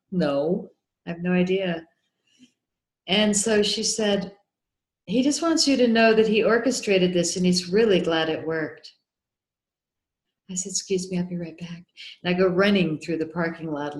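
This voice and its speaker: Animated woman telling a story, echoey room. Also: fairly low pitch. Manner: animated, acts out quoted dialogue. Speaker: guest, documentary filmmaker. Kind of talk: storytelling in a podcast interview.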